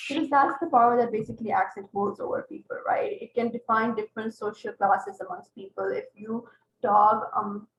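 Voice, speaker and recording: A woman teaching an online class, explaining step by step and checking in with her students. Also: a little high. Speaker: English tutor. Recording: roomy, dull lo-fi online class audio.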